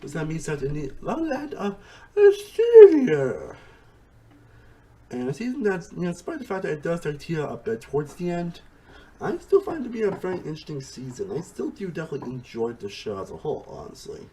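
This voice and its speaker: This male reviewer chats about a TV series in a fairly high, sing-song voice with a dark tone and a fast pace. He rambles, breaks off to restart sentences mid-thought, and keeps saying "honestly" and "again."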